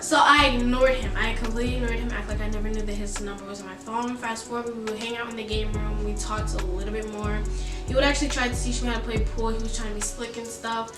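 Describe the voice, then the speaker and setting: A young woman with a Southern accent tells a story in a lively, casual way and slips into the voices of the people in it. Her voice sits a little high. She sounds a bit distant in an echoey room, with music playing behind her. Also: fast. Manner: animated, acts out quoted dialogue. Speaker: vlogger telling a story.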